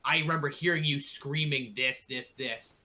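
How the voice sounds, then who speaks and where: Bright-voiced young man telling a story. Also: mid-range voice, normal speed. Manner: animated, acts out quotes, swears freely. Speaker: podcast co-host. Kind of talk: casual storytelling.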